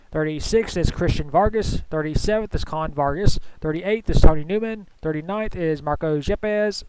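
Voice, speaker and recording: A young man calling a stock car sim race, lively on the finish and then steadily reading out results and point standings. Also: fairly high pitch, slight background noise, low-quality recording. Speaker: race commentator. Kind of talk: sim racing play-by-play and results readout.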